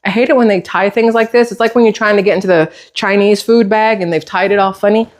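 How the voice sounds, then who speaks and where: A woman's voice: mid-range voice, steady tone, quick pace. A middle-aged woman vlogging casually from her home kitchen, rambling off on tangents and swearing lightly. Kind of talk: casual chatty vlog.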